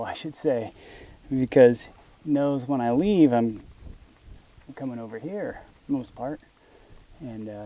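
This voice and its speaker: A mellow, medium-pitched male voice belongs to a DIY homesteading vlogger in an orchard. He gives casual how-to narration as he works outside, musing aloud and talking to his dog.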